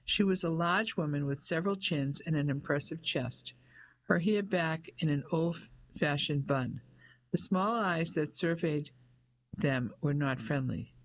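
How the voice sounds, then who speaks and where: Audiobook narrator for a period mystery, even and steady delivery. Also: mid-range voice, unhurried.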